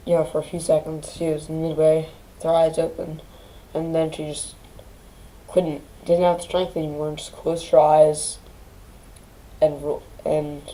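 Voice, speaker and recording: Woman host, grieving, near tears, low pitched and flat, halting speech. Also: low-quality recording. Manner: halting, restarting often, trailing off. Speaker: channel host. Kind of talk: personal grieving vlog.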